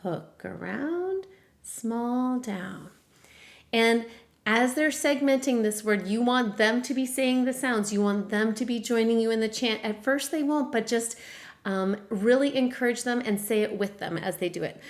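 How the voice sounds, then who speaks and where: A woman's voice: fairly high pitch, moderate pace. Encouraging woman teaching reading. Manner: encouraging, sing-song modeling of sounds to a child. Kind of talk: instructional demonstration.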